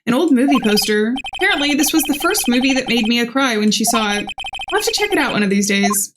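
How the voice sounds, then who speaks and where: A woman's voice: a little high, animated, fast, background noise, lightly acted. A woman reading the lines of a wry, earnest young male defense lawyer in her own voice during a game playthrough. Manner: plain reading with dry asides. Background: game music.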